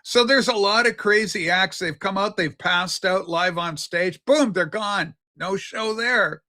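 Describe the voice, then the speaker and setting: A woman's voice: mid-range voice, a little slow, pushed and bright. An older transgender woman hosting a livestream show, rambling chattily with many fillers and restarts. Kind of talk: casual rambling livestream chat.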